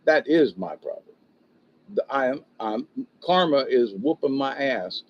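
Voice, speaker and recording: Older male livestream host venting in a rambling, frustrated way, caught on dull, low-fidelity audio. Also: expressive, unhurried. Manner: frustrated, rambling, self-interrupting. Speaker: livestream host reading viewer comments.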